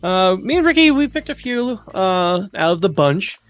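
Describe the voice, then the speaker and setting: A man's voice: sits high, moderate pace, clean tone, no echo. A man co-hosting a podcast, joking around and reading out a streaming segment with frequent laughs. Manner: jokey, laughs often, animated. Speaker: podcast co-host. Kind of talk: casual banter and segment reading.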